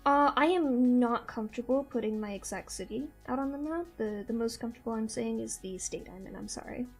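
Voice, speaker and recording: Creaky and husky, her voice sits on the high side and moves fairly quickly. The young woman, whose accent mixes Midwestern and Southern American, hosts a stream with rambling, laugh-filled casual chat and faint music in the background.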